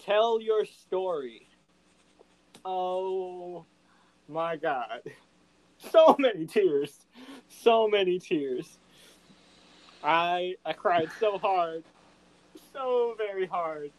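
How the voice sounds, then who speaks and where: Drawing out his words and pausing often, a man with a high-pitched voice co-hosts a podcast, chatting with feeling, gushing, and acting out and singing quotes. The recording is rough.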